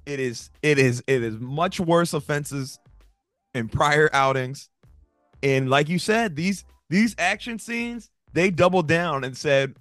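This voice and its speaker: A man co-hosting a casual movie review chat, talking in animated bursts with stammering restarts and sudden jumps between loud and soft. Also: a little high, slow, no room sound, clean studio sound, faint music behind. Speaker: podcast co-host.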